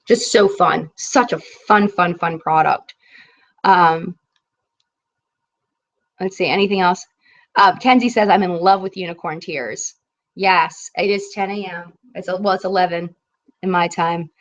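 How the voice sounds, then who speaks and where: A woman's voice: on the low side, steady tone, measured pace, pauses often, muffled recording. A woman in her thirties hosting a casual beauty live chat, chatty and bubbly, reading viewer comments aloud.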